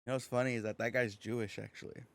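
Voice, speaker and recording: A man co-hosting a podcast in casual chat, relaxed and rambling, swearing casually. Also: medium pitch, very fast, vocal fry, no echo. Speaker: podcast co-host.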